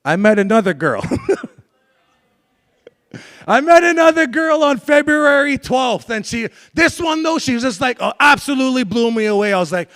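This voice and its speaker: A man with a very high voice gives a live talk, opening up frankly about his past and bantering with the audience. He speaks as a young adult storyteller addressing a room of listeners. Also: expressive, moderate pace, a bit bright.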